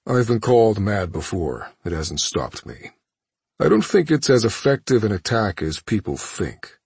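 A man voicing a cold, calculating alien warlord who speaks in measured, condescending phrases. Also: fairly low pitch, big pitch swings, vocal fry, darkish tone, breathy edge, dry recording, heavily acted.

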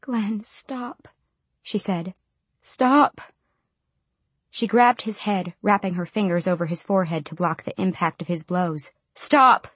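A woman voices an anguished mother in an audiobook, her cries raw and pleading. The voice sits a bit low for a woman. The sound is dry and close to the mic. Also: fairly even intonation, brisk, hardly any pauses, slightly rough, no room sound. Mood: frantic. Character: anguished mother torn and sobbing.

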